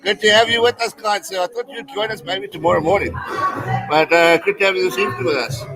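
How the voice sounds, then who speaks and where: A man's voice: high-pitched, fairly even intonation, quick pace, low-quality recording. A man from South Africa hosting a live-stream, chatting casually with viewers and reacting to the game. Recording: music playing behind.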